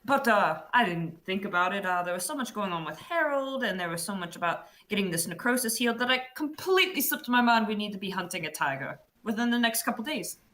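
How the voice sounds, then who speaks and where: Woman, tabletop player, playful, jokey, lively pitch. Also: quick pace, few pauses. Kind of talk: casual tabletop play.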